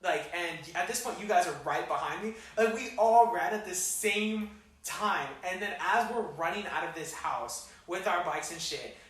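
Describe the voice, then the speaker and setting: A young man telling a story on a casual podcast, slangy and animated, with plenty of swearing. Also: high voice, normal speed. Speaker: podcast co-host. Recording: echoey room, mic far off, faint noise.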